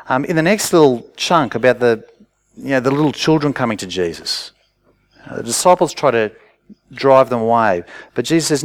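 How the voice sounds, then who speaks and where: A man's voice: medium pitch, expressive, brisk, no room sound. Male preacher, chatty sermon delivery, dry close sound. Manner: conversational storytelling, rising to loud urgent cries.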